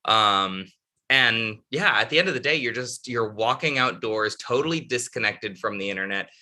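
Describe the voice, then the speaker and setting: Bright-voiced man telling a travel story. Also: fairly low pitch, expressive, normal speed. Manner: rambling, many restarts and fillers. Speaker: podcast guest, author. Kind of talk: casual storytelling interview.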